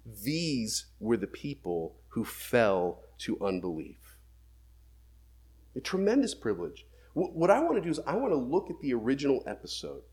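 Husky male preacher, lively voice. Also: mid-range voice, normal speed. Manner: reads scripture aloud, then explains it with emphatic questions. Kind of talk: sermon with scripture reading.

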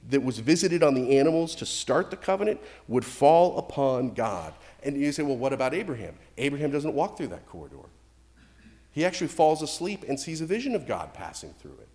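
A middle-aged male pastor preaching a sermon, animated and emphatic, with swings between loud and quiet. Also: fairly high pitch. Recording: long reverb from a hall.

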